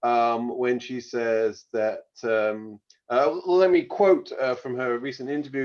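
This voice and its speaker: A man hosting a casual radio live stream, talking in a rambling, halting way full of fillers. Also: mid-range voice, steady tone, muffled recording. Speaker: radio show host.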